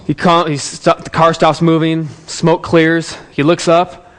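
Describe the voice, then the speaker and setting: A man with a somewhat higher voice telling a story to an audience, animated and conversational, turning often to the listeners. He speaks as a motivational speaker building toward a lesson. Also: fairly quick. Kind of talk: storytelling talk.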